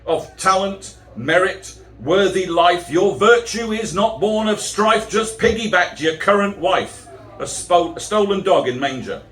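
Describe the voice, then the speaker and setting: A man's voice: sits high, expressive, a little slow, fairly bright tone, slight background noise. A middle-aged man giving a live poetry performance, mixing rhyming verse with wry, self-mocking asides. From England. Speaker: poet. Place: chapel venue. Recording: roomy, distant live recording.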